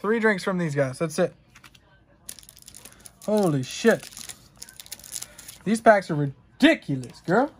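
This young male streamer's voice is high, expressive, and slightly rough, taking things slowly with long pauses. While unboxing trading cards, he rambles and jokes with chat, peppering it with profanity.

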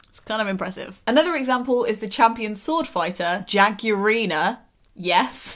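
A woman's voice: medium pitch, a bit bright. Playful, self-mocking woman. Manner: playful, self-mocking, breaks into laughs and sung snippets. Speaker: fashion vlogger. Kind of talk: casual chatty vlog.

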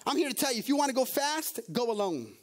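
A man's voice: very high-pitched, sing-song, fast talker. A male pastor preaching a sermon, firing off rhetorical questions and calling out to the congregation. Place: church service.

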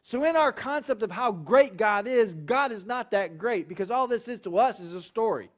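High-voiced pastor preaching. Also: male voice, moderate pace. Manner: animated storytelling with acted voices. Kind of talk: sermon. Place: church.

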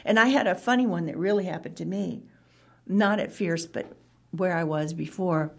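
A woman author being interviewed, telling lively stories and acting out the voices of the people in them. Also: lowish voice, normal speed, vocal fry. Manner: animated, acts out quoted dialogue. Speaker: author and guest. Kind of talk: conversational interview storytelling.

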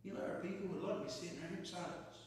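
Preacher in an echoey church hall. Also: male voice, high voice, racing, distant mic, slight background noise. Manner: earnest, rhetorical questions answered himself. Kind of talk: sermon. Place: church sanctuary.

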